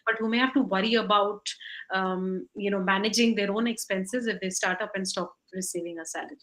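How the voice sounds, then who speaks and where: A woman's voice: mid-range voice, steady tone, fairly quick, fairly bright tone, low-quality recording. A woman with an Indian English accent, moderating a webinar panel, rambling with many fillers as she frames her questions.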